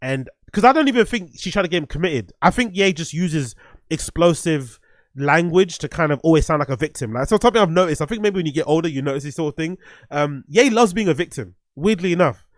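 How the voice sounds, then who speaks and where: A man's voice: fairly high pitch, expressive, fast talker, no room sound, clean studio sound. A man giving casual, profane livestream commentary as the host, blunt and rambling. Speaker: streamer host reviewing music.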